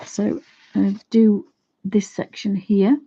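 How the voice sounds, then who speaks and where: Friendly-sounding woman, warm low-key tone, talks viewers through her painting step by step; dull lo-fi stream sound. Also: flat delivery, a little slow, vocal fry, slightly rough. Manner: chatty, thinks aloud while painting, addresses viewers. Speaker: watercolour tutor on a live stream. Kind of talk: casual live craft demonstration.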